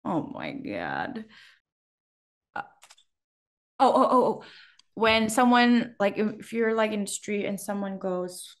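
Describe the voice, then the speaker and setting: A woman's voice: mid-range voice, measured pace. A woman co-hosting a podcast in casual chat, animatedly acting out what people said, with frequent laughs. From Philippines. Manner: animated, acts out quotes with laughs. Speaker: podcast co-host.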